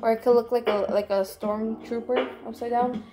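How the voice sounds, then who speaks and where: Young woman, excitable, rambling, swears a lot, slightly high voice, music playing behind. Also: moderate pace. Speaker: vlogger. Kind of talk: casual crafting vlog.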